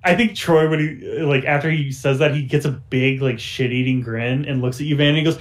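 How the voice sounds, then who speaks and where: A man's voice: mid-range voice, steady tone, fairly quick. A man running a tabletop game as game master, narrating casually with lots of fillers. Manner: casual, filler-heavy storytelling.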